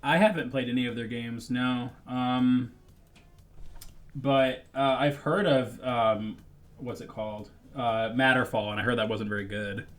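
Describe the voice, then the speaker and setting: Guy cohosting a podcast, mid pitch, jokey laid-back banter. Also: fairly even intonation, measured pace. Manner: joking, playful banter. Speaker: podcast co-host. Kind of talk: casual podcast chat.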